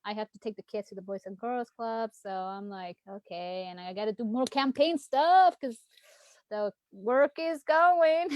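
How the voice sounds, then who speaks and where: A woman in her thirties, a political candidate, chats on a late-night livestream. She laughs often between phrases. Her voice sits a little high and sounds dry and close. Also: darkish tone, no room sound.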